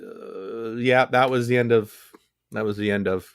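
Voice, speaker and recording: Podcast co-host, man, mid-pitch, sarcastic storyteller, dry close sound. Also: steady tone, a little slow, vocal fry, clean tone, no room sound. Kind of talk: casual chat.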